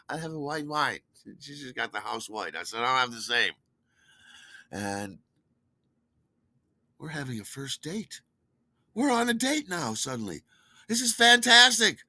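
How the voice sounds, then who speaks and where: A man telling a story in a casual, animated way, delighted with his own tale and acting out quoted lines with big jumps in voice. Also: fairly high pitch, normal speed, pauses often, dry recording.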